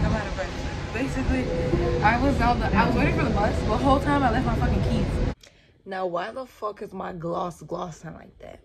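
A nineteen-year-old woman chatting casually to her viewers in a vlog, playful and profane, recorded on a phone outdoors and on a bus. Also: on the high side. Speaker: vlogger. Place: outdoors, at a bus stop, on a bus and walking. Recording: street and vehicle noise behind.

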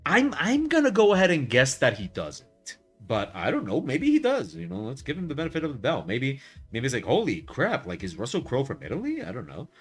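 A man's voice: on the high side, fairly quick, slightly rough, soft background music. A man chatting casually on a live art stream, rambling with lots of fillers and restarts and telling things in a wry way. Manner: wry, lively storytelling. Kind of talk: casual chat while drawing on stream.

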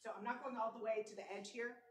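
A woman hosting a live painting stream, chatting casually and telling animated stories with casual swearing. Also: fairly high pitch, fast talker, far from the mic, slight background noise. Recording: echoey room.

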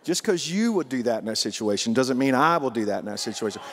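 A man's voice: medium pitch, lively intonation, fast, big-room sound. A man preaching a sermon as pastor, in a folksy, emphatic way full of rhetorical questions.

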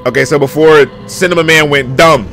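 A young man reacting live to a video, excitable and shouting at the screen. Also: on the high side, fairly quick. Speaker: reaction streamer.

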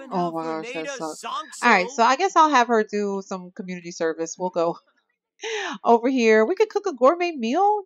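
A woman's voice: a little high, dry recording, muffled recording. A woman hosting a gaming video, giving chatty commentary and talking straight to her viewers. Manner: chatty, animated, addresses viewers as y'all. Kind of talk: casual let's-play commentary.

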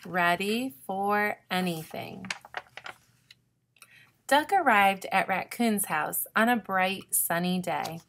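A woman reading a children's picture book aloud as the narrator, in a gentle, clear storytelling manner. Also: medium pitch, slow pace, slight background noise.

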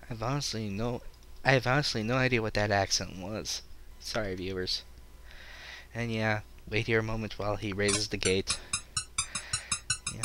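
A man's voice: lowish voice, fairly even intonation, normal speed, long pauses, fairly bright tone. A man giving casual, self-deprecating commentary while playing a game, talking to viewers. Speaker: let's play commentator. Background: game music.

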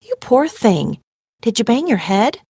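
Woman putting on a worried, gentle mom. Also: fairly high pitch, very animated, measured pace, husky, no echo, clean studio sound, voice pushed up, exaggerated voice. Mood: concerned. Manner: gentle, anxious questioning. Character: worried, caring mother.

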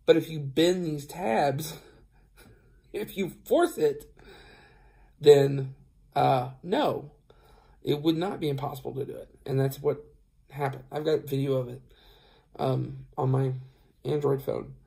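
A tired truck driver talks straight to his camera in a casual, rambling way. His voice is gravelly and dark, and it sits a little high for a man. He keeps acting out the back-and-forth of a conversation. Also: takes it slowly. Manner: rambling, retells dialogue, many fillers. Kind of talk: casual storytelling vlog.

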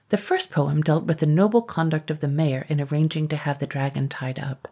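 A woman narrating a classic children's story in a calm, even storytelling manner. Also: low-pitched, gravelly, husky. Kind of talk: scripted narration.

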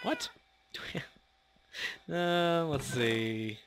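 A man's voice: a little high, wildly swooping pitch, extremely slow, fairly bright tone, a little hiss or hum. A man hosting a casual gameplay commentary, playful and chatty, laughing often and talking to the creatures in his game. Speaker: gaming channel host.

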